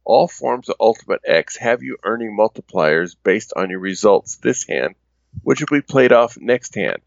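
A low, gravelly man reads a scripted segment in a measured, explanatory tone. The sound is dull and lo-fi, though close and dry. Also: animated, dry recording. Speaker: segment presenter. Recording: dull lo-fi recording.

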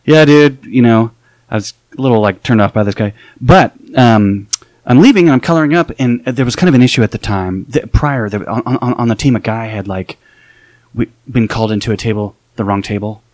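A man recounting casino stories in an animated, rambling way, stumbling and repeating himself as he goes. His voice sits in an ordinary middle range and sounds close and dry, with no room around it. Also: medium pitch, brisk, dry recording. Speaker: guest card counter. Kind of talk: casual storytelling.

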